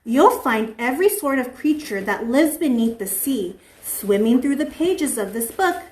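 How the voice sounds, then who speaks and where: A young woman teaching preschoolers, reading a picture book aloud in an animated, sing-song way and asking the children questions. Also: fairly high pitch, measured pace. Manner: animated, sing-song, voices creatures in the story. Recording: echoey room.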